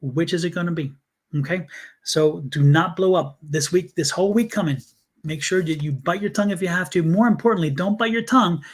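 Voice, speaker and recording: A man's voice: high-pitched, fairly quick. A man giving live tarot readings on a stream, speaking earnestly and repeating himself as he calls on viewers by name. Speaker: tarot reader.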